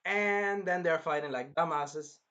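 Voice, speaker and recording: Young man, casual anime review, rambling and cursing, animated, slightly high pitch. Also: measured pace, dull audio. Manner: rambling, profane, animated, acts out the characters. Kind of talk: casual reaction commentary.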